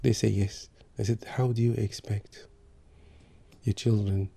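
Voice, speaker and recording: A man giving calm parenting advice with examples. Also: lowish voice, unhurried, gravelly, husky. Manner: calm, advisory, gives examples. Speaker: parenting speaker. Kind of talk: talk on parenting.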